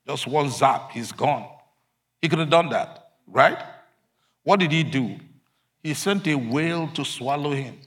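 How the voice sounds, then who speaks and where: A man preaching a sermon, emphatic, swinging between loud declarations and quiet asides. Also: fairly high pitch, unhurried, pauses often.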